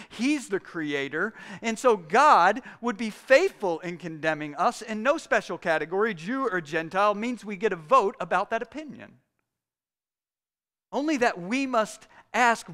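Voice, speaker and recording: High-voiced man preaching earnestly. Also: fairly bright tone. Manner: earnest, conversational preaching with frequent restarts. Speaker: pastor. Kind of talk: sermon.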